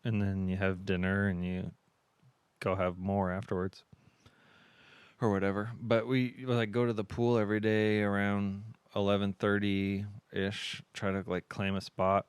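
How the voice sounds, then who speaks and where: Podcast co-host, man, deep and smooth voice, rambling storyteller, dry close mic. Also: completely flat delivery, unhurried, dry recording. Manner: rambling storyteller, lots of fillers. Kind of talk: casual chat.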